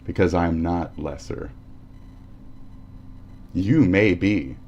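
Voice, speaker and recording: A man's voice: low-pitched, slow pace, a little mellow, highs cut off, a little hiss or hum. A man ranting casually on a live stream, profane and heated, often laughing and acting out quotes.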